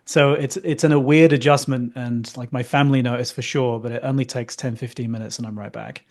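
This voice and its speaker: A man's voice: mid-range voice, steady tone, a little fast. Male podcast guest, Northern English accent worn toward American, easygoing and self-mocking. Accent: Northern English softened toward American. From Northern England. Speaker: guest, company founder. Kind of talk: casual podcast interview.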